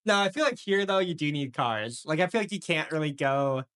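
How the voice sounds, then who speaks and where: Male podcast co-host, casual rambling storyteller, slightly high pitch. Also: animated, fairly quick, fairly bright tone, clear, resonant tone. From Wisconsin. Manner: rambling, laid-back storytelling. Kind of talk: casual chat.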